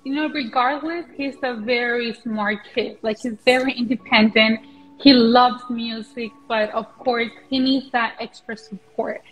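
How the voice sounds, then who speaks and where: Young woman, pageant contestant, earnest and soft, apologizes a lot, voice a bit high. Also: fairly even intonation, a little slow, dull audio, soft background music. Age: young adult. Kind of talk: live interview answers.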